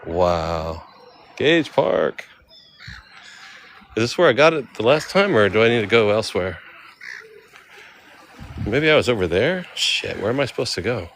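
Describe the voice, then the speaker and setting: A man's voice: fairly low pitch, sing-song, normal speed, a bit bright, a little hiss or hum. A man vlogging outdoors by a bay, exclaiming over the scenery as he looks for the ferry. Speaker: travel vlogger. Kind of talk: casual walking commentary.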